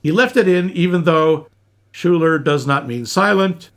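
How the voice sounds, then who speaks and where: Man reading movie trivia, fairly high voice. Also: measured pace. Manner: reads off trivia facts in a steady, informative way. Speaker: podcast co-host. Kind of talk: casual movie trivia chat.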